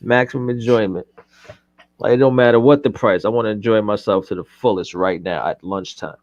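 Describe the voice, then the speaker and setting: A man's voice: fairly low pitch, steady tone, quick pace, darkish tone, no echo, dull audio. A man co-hosting a casual live chat, telling rambling stories and laughing often. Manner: loose, joking storyteller, laughs often. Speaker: co-host.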